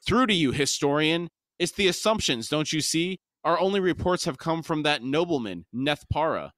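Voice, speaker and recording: A man's voice: a little high, lively intonation, normal speed, fairly bright tone, no room sound, clean studio sound, voice pushed up. A man voicing an urgent, angry male garrison commander in an audiobook-style reading, pressing and demanding.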